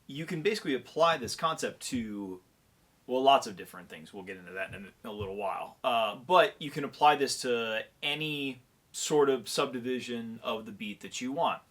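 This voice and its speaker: A man's voice: mid-range voice, expressive, moderate pace, fairly bright tone. A man giving a percussion lesson who counts beats aloud and keeps checking in with the listener. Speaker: percussion clinician. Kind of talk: instructional demonstration.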